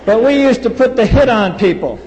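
A man's voice: very high-pitched, expressive, a little fast, darkish tone, highs cut off, a little hiss or hum. A man, telling a blunt, wry personal story at a recovery meeting. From US East Coast. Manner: wry, blunt, acts out quoted voices. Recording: reverberant hall.

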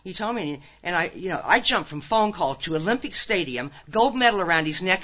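Through slight background noise and a dull lo-fi recording, an older Nebraskan woman speaks in a lowish, animated, brisk voice with a bright, forceful tone. She's giving a folksy personal testimony at a recovery conference, packed with storytelling and punchy asides for the crowd.

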